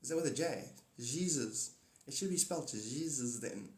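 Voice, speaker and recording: In an expressive mid-range voice at moderate speed, a man rambles through a casual phone livestream, his voice echoing in the room. He hops between topics, says hi to viewers by name, and playfully slips into silly singing.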